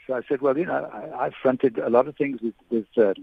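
An older man from South Africa, a veteran sports broadcaster, reminiscing as a radio guest, halting and repeating words as he goes. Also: mid-range voice, vocal fry, breathy edge, no room sound. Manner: hesitant, many repeated words and restarts. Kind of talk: phone-in reminiscence. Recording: tinny phone line on radio.

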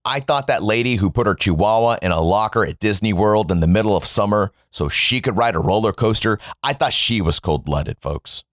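A man delivers a biting political rant, swearing freely and mocking as he goes. His pitch swings widely from low grumbles to high jabs. The recording is dry and close, with no room sound. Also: expressive, a little fast, hardly any pauses, no echo. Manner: mocking, sarcastic, emphatic swings in tone. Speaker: commentator.

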